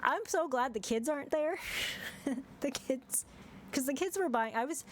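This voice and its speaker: A woman's voice: high-pitched, animated, measured pace, a little hiss or hum. A young woman streaming a game, chatting casually and exasperated, with frequent swearing and laughter.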